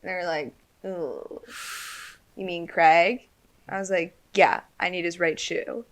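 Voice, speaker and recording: A woman's voice: lowish voice, a little slow. A woman co-hosting an improvised comedy podcast, telling a story in a playful, giggly way. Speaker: podcast co-host.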